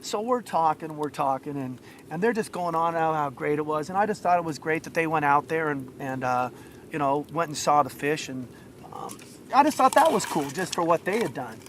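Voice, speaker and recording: A man's voice: fairly high pitch, expressive, a little fast, fairly bright tone, slight background noise. A man telling a rambling anecdote to a listener in casual talk, with many asides. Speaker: storyteller.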